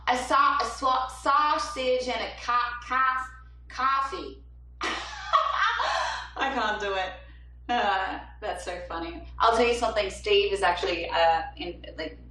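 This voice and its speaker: Bright, bubbly woman in an echoey room. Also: fairly low pitch, distant mic. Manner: bubbly, chatty, reads viewer comments aloud. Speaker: singer-songwriter hosting a livestream. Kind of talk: casual livestream chat. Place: small apartment at home. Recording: roomy, off-mic home stream with faint hum.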